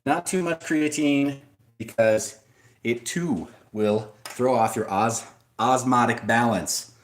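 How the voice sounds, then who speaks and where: Brief: casual male streamer, mid-pitched, loose and rambling, reading out comments from chat. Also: slow pace, a little hiss or hum. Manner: rambling, with frequent restarts and asides. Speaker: livestream host.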